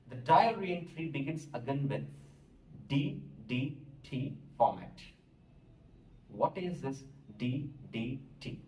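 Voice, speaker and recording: Slow, deliberate Indian English teacher. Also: male voice, medium pitch, darkish tone. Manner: slow, deliberate explaining, spelling words out. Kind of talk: classroom lecture. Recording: roomy echo, distant mic, faint hiss.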